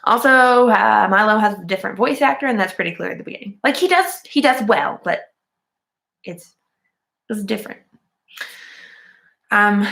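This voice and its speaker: A woman's voice: mid-range voice, gravelly, a bit bright. A woman casually recapping and reviewing a movie in a chatty, rambling way, full of "like" and "um".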